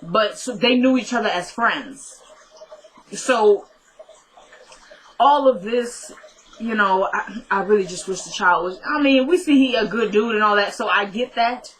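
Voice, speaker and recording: A woman's voice: medium pitch, a little slow, slight background noise, poor audio. A young woman at home chatting through a TV episode recap, acting out the characters' lines as she retells the scenes. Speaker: TV recap vlogger.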